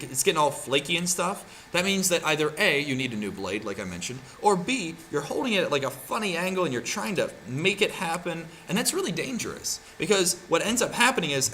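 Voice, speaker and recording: A man's voice: on the high side, pushed and bright, slight background noise. A man teaching a craft class in a casual, chatty way, often checking in with "right?" as he demonstrates. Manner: chatty, keeps asking "right?". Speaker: art teacher.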